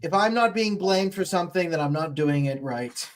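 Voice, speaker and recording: A man's voice: a little high, expressive, moderate pace. A man co-hosting a live stream, tossing in blunt, sardonic asides. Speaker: co-host. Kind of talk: casual chat.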